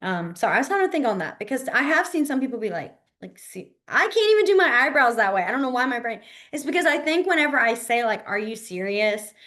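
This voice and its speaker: Woman, teacher, relaxed classroom talk, chatty with many fillers, repeats words slowly. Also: high-pitched. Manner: frequent fillers like "like" and "um". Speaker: sign language teacher. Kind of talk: casual classroom instruction. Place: library classroom.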